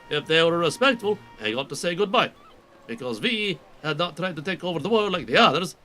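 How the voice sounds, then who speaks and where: A man's voice: on the high side, expressive, moderate pace, pauses often, sharp tone, soft background music. A man casually commenting while playing a role-playing game, reading character dialogue aloud and mocking his own attempts at voices. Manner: chatty, self-mocking, reads NPC lines in put-on voices. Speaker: gaming YouTuber voicing a quest playthrough.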